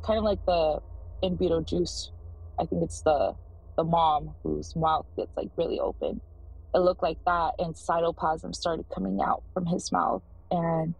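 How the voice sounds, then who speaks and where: A woman in her thirties leaves a voicemail to tell her story in a husky, somewhat low voice. She speaks earnestly and haltingly, often breaking off and starting her sentences again. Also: low-quality recording. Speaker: voicemail caller. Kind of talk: first-person story.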